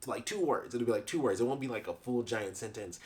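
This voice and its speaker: A man's voice: medium pitch, expressive, fast talker, darkish tone. A young man giving a casual, rambling review monologue. He laughs often and restarts his sentences. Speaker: YouTube reviewer.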